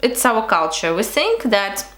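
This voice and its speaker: A woman's voice: mid-range voice, sing-song, unhurried, a bit bright, echoey room. A young woman from Russia with a Russian accent, chatting casually to camera with hesitant fillers and restarts. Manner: hesitant, lots of fillers and restarts, frequent laughs. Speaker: vlogger.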